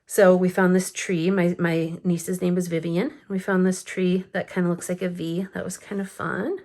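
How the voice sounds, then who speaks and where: A woman's voice: fairly low pitch, level tone, moderate pace, darkish tone. A woman in her thirties chatting casually through a photo album flip-through late at night, rambling with lots of fillers and little laughs, a bit sleepy. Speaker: scrapbooking vlogger. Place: home at night.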